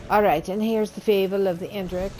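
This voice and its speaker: A woman's voice: mid-range voice, fairly even intonation, a little fast, darkish tone, slight background noise. A woman playing a game and chatting casually, playful and teasing, with faint game music behind. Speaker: streamer and co-player. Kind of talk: casual gaming chat.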